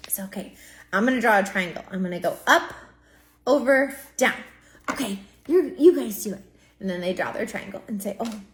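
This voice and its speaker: Animated teacher woman in an echoey room. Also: a little high. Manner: models classroom talk, animated sing-song demonstration voice. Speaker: preschool teacher. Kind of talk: teacher training tutorial.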